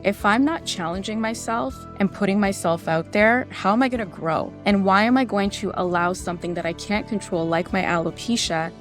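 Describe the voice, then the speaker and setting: A woman in her forties speaks with strong emphasis on a panel, her voice close to tears. Her pitch sits in the middle of the usual range. Faint music plays underneath. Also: brisk, hardly any pauses. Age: 40s. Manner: emotional, emphatic, near tears. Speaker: alopecia patient and advocate. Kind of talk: panel discussion.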